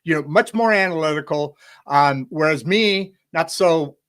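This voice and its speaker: A man's voice: on the high side, measured pace, fairly bright tone. A man hosting a casual podcast interview, rambling with many fillers and restarts. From United States. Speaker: host.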